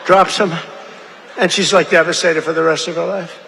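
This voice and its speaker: Man at a rally podium, digressive and repetitive, high bright tone, long echo of an amplified venue. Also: steady tone, moderate pace, gravelly. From United States. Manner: repetitive, digressive, acts out quoted voices. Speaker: political rally speaker. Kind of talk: rambling rally speech. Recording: echoey amplified rally hall.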